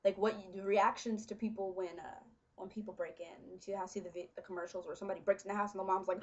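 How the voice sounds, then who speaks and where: A young woman chatting casually to her webcam, full of fillers and quick laughs. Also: mid-range voice, muffled recording. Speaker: vlogger. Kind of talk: casual chat.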